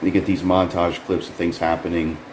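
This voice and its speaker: A man casually reviewing a trailer, rambling and frustrated, swearing often and jumping up in pitch when he can't believe what he sees. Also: little pitch movement, fairly quick, a little mellow. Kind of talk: casual profane commentary. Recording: echoey room with faint air conditioning hum.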